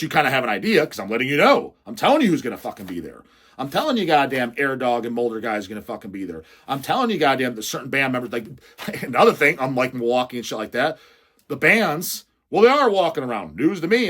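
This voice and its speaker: Profane, animated metal channel host. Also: male voice, medium pitch. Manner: swears constantly, mocking and blunt; reads out viewer questions and riffs on them. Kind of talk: casual profane Q&A rant.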